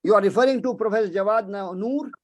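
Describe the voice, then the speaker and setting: A man's voice: sits high, fast talker. An older man from Pakistan, giving an emotional, rhetorical webinar talk as an economics professor over a video call. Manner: emotional, rhetorical, repeats himself. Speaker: economics professor, guest speaker.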